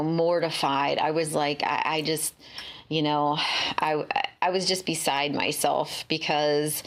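A woman shares a dream in a casual, halting way, stopping often to restart her sentences. Her voice sits a little low, and she speaks slowly and unhurriedly. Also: a bit bright. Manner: halting, many fillers and restarts. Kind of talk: casual spoken testimony.

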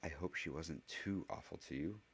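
A man voicing a friendly young salesgirl with a hushed, conspiratorial manner. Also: sits low, fast talker.

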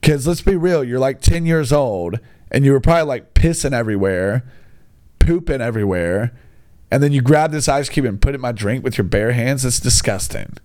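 A man's voice: medium pitch, animated, moderate pace, darkish tone. A young man telling a rambling comic story, jumping between asides and mocking the people he quotes. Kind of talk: comedic storytelling monologue.

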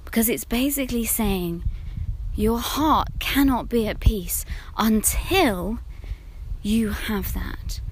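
A woman talking alone as a podcast host, earnest and intimate, often dropping to a hushed near-whisper. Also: fairly high pitch, slow, slightly rough. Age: adult mother of older children. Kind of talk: reflective solo monologue.

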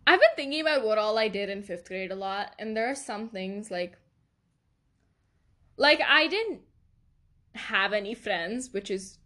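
A woman's voice: mid-range voice, sharp tone. A young woman hosting a podcast, telling stories in a rambling, confessional way and laughing often. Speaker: podcast host. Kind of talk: casual confessional chat.

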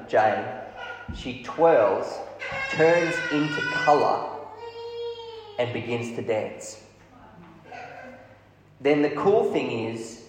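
A man preaching a storytelling sermon, lively, acting out the dialogue of the people in his story. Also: mid-range voice, a little hiss or hum. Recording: echoey hall, heavy reverb.

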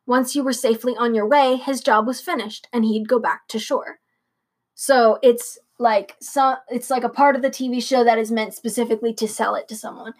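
A woman's voice: on the high side, fairly even intonation, normal speed. A young woman co-hosting a late-night podcast, rambling casually with lots of fillers and restarts. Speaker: podcast co-host.

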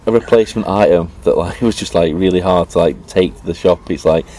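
A man co-hosting a casual podcast, lively and laughing as he chats. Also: low voice, brisk. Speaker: podcast co-host. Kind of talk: casual chat.

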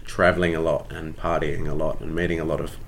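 A man with a very low voice and an Australian accent, from Tasmania, talks easily about his career. His delivery is chatty and self-deprecating, loose and unhurried, like a guest who is comfortable with the host. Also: level tone, creaky, slight background noise. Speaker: actor, interview guest. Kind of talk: casual interview storytelling.

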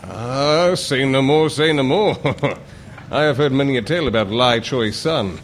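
An actor playing a jovial, chummy upper-class British army officer with a put-on British accent. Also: male voice, mid-range voice, unhurried, slight background noise, lightly acted. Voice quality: chummy, plummy.

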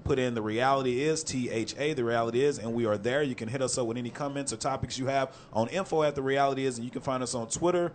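A man hosting a casual radio talk show, with a mid-pitched voice and faint noise in the background. He tells his stories in an animated way, with loud bursts. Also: fast, few pauses. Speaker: show host.

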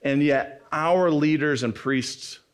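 A man preaching a sermon in a conversational way, acting out the characters' lines with a raised, animated voice. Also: on the high side, slow pace, smooth. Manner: animated, acts out quoted dialogue in a raised voice.

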